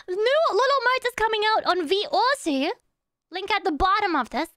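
A woman's voice: very high-pitched, animated, measured pace, sharp tone, dry recording, clean studio sound. A woman live-streaming in casual chat, greeting and thanking viewers one by one and humming little nonsense syllables between sentences.

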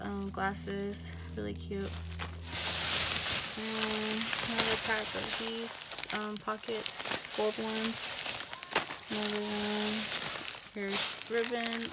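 A woman's voice: mid-range voice, monotone, slow pace. A woman vlogger losing her voice, casually showing craft items and prices with many fillers, a child singing behind her. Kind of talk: casual haul show-and-tell. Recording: loud background noise. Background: child singing in the background.

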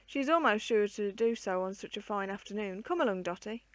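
A woman reading aloud, voicing a brisk older sister speaking in a half-careless tone, in a dry room. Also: medium pitch, lively intonation, no echo, lightly acted. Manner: brisk, offhand.

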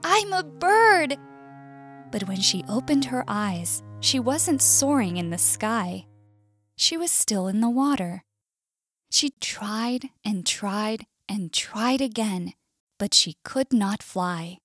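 A woman with an American accent reading a story aloud in slow, clear scripted narration for language learners. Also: medium pitch, lively intonation, no echo, soft background music. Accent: US English.

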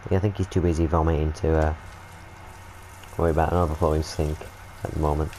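A young British man doing excitable, swearing, joking commentary while playing a stealth game. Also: extremely low pitch, fast talker, a little hiss or hum, low-quality recording. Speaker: gaming video host. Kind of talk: let's-play commentary.

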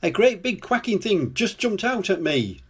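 A man's voice: sits high, big pitch swings, moderate pace, breathy edge, pitched above the performer's own voice, heavily acted. An older man voicing a timid, easily frightened male crane truck in a children's storybook, wailing and jumpy.

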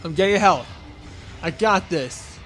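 A young man with a high, lively voice, talking through a video game in a relaxed, unhurried way. He jokes at his enemies and lets out grunts and yelps whenever he takes a hit. Faint game music plays behind him. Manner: goofy, grunting and yelping at hits; jokey self-talk to the enemies. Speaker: let's play gamer. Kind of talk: casual gameplay commentary.

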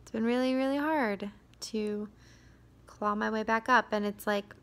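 A young woman vlogging in a quiet, hesitant way, tired and drained, with many fillers and sudden drops into a whisper. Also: on the high side, fairly even intonation, a little slow. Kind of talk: confessional vlog.

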